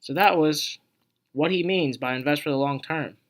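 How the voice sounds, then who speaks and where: A man's voice: on the high side, normal speed. A young man hosting an investing video, casually explaining a stock chart in a rambling, conversational way full of asides and filler words.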